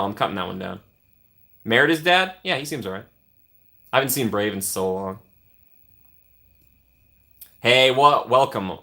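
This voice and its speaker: A man's voice: fairly low pitch, sharp tone. A young man casually chatting on a live stream, reading and answering viewer comments with playful teasing.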